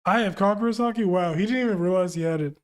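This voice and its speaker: A man's voice: high-pitched, fast. A young man hosting a live manga reaction, reading lines aloud and reacting in hyped, slangy bursts. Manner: hyped, slangy, reads quotes then reacts.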